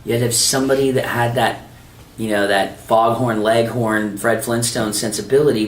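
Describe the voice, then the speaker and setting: A male voice actor telling lively anecdotes in an interview, acting out the voices of people he quotes. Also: mid-range voice, echoey room, far from the mic, a little hiss or hum. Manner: animated anecdote teller, acts out quoted dialogue. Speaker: voice actor guest. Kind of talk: storytelling interview. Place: anime convention.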